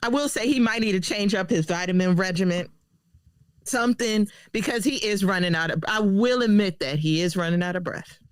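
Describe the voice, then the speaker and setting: A woman co-hosting a casual podcast, teasing and pushing back on the host with quick questions. Her voice sits at a middle pitch and comes through dry and close. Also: smooth, no room sound. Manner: playful, argumentative.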